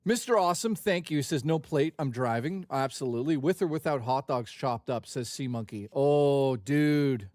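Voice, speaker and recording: A man's voice: medium pitch, normal speed, few pauses, a little mellow, no echo, studio quality. A man casually chatting and joking on his live stream, loose and profane.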